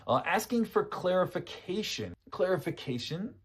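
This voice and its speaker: Husky-voiced man teaching phone phrases. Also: high voice, very animated, moderate pace. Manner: explains patiently, often repeats phrases and checks with "okay?". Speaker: English teacher. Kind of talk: casual spoken lesson.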